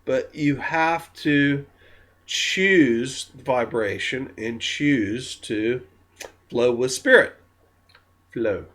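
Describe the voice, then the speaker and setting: A man who is drunk, talking in a slow, meandering, giggly way with many ums in a spiritual monologue to camera. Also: mid-range voice, fairly bright tone. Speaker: spiritual vlogger.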